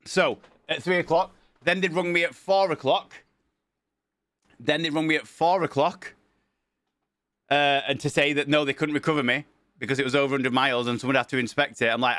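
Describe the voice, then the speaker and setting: A man, a streamer casually telling a long story and acting out the dialogue with lively energy. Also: a little high, a little fast, pauses often, no echo. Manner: animated, acts out quoted dialogue.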